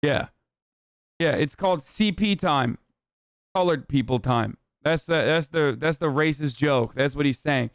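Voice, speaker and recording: A man hosting a stream, reacting in casual commentary, animated and profane, often laughing. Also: on the high side, unhurried, smooth, dry recording, clean studio sound. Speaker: streamer host.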